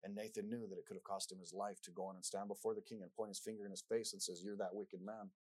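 A man's voice: sits low, flat delivery, racing, no echo, low-quality recording. Earnest male preacher, dry close sound. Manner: earnest, repeats words, rises loud when reading scripture. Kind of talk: sermon.

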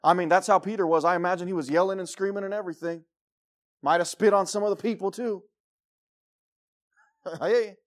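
A man preaching a sermon, jumping from loud exclamations to quiet low asides and acting out shouting crowds. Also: fairly even intonation, fairly quick, pauses often. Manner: acts out the crowd in short shouted bursts.

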